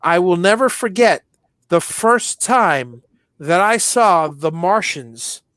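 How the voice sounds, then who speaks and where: Animated middle-aged man retelling jokes. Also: sits high, slow pace, no room sound, studio quality. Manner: animated storyteller, acts out movie lines, many restarts. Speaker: podcast co-host. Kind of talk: casual nostalgic chat.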